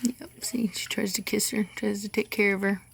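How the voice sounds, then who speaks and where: A woman's voice: mid-range voice, fairly even intonation, normal speed, vocal fry, background noise. A woman dog breeder chatting casually while doing outdoor chores, often cooing baby talk to her dogs.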